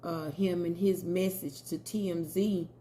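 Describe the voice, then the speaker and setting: A woman's voice: on the low side, steady tone, unhurried, dark tone, slight background noise. A woman giving casual commentary and a tarot reading, chatty and talking straight to her viewers. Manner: chatty, addresses viewers as y'all. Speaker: tarot reader.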